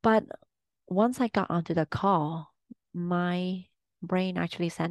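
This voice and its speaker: A woman's voice: fairly low pitch, steady tone, slow pace, no echo. Earnest woman in a dry close recording. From Asian. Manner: earnest, candid, with frequent fillers and restarts. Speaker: podcast host. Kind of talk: personal reflective monologue.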